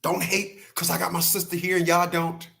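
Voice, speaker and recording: High-voiced man ranting profanely. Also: little pitch movement, moderate pace, gravelly, bright, forceful tone. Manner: profane, emphatic, repeats himself, laughs. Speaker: channel host. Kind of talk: casual livestream rant.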